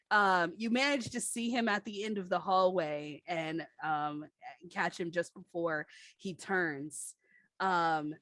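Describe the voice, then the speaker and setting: A woman serving as game master, narrating the scene in a slow, easygoing way and stopping often for "um" and "like." Her voice is mid-pitched and close, with a dry, dead sound around it. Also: a bit bright, no room sound. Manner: unhurried, chatty, full of fillers.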